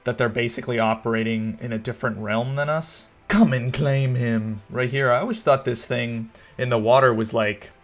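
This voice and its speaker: A man's voice: mid-range voice, a little fast, hardly any pauses, soft background music. A young man tipsy and rambling, giving a casual, swearing, gushing commentary on a film with many fillers. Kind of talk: casual movie commentary over footage.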